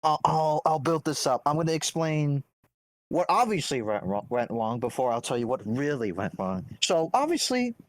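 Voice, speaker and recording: Animated man ranting on a podcast. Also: a little high, normal speed. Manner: animated ranting, builds up points. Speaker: podcast co-host. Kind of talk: casual podcast chat.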